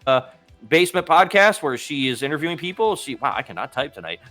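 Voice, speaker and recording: A man co-hosting a casual podcast in a bright, somewhat high voice. He rambles through loose thoughts, filling gaps with "uh" and quick laughs. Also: very animated, soft background music. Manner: rambling, laughs often, many fillers. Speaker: podcast co-host. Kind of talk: casual chat.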